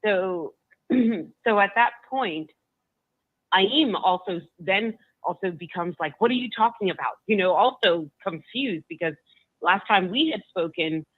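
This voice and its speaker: A woman being interviewed, telling a personal story in a halting way, often restarting and repeating her words. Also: mid-range voice, expressive, dry recording. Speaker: guest recounting a personal story. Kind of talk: emotional first-person storytelling. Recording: tinny phone-like line, dry.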